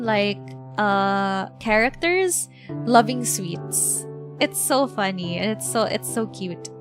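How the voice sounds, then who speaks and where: A woman, chatting casually and bubbly as a streamer, full of fillers and sudden excited shouts. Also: on the high side. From Philippines. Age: 20s. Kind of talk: casual livestream chat. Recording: background music playing.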